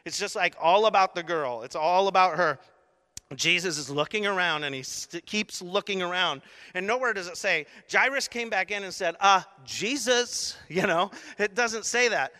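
Delivering an animated sermon, a male pastor speaks in a high, bright, forceful voice at a moderate pace. He acts the scene out, leaping from sudden shouts to hushed asides, and the long reverb of a large hall rings around him.

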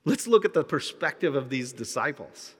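A man pastor preaching a sermon in an animated, humorous storytelling way. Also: medium pitch, moderate pace, husky, long reverb tail.

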